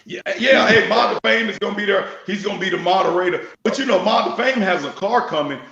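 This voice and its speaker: A man's voice: high-pitched, fast, gravelly, roomy sound, dull audio. A man, a guest drag racer telling stories with a laugh in a casual chat. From Memphis, Tennessee. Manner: animated storyteller, laughs often.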